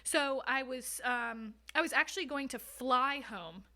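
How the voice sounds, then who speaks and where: Bright, frank young woman. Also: high-pitched, a little slow. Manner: frank and casual, swears freely, laughs while telling hard stories. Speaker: podcast guest. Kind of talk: candid conversational storytelling.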